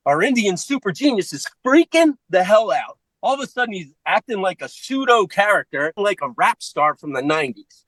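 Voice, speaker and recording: Man, podcast storyteller, animated, high lively voice, dry sound. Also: moderate pace, no echo, low-quality recording. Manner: animated, acts out the people in his story. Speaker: podcast co-host. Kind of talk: casual storytelling.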